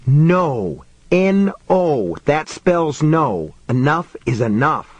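A man's voice: a little high, animated, unhurried, no echo, highs cut off, voice pushed up. A man voicing a blunt, profane young woman. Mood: exasperated. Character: sharp-tongued young woman, scared but defiant.

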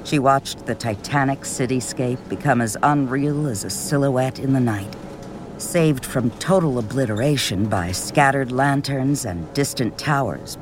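Man narrating a novel over faint music. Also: medium pitch. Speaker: audiobook narrator. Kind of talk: scripted narration.

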